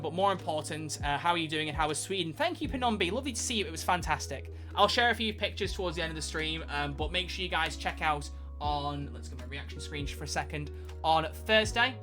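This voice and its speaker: A man's voice: on the high side, pushed and bright. A young man streaming live, chatting casually and rambling as he answers questions from chat.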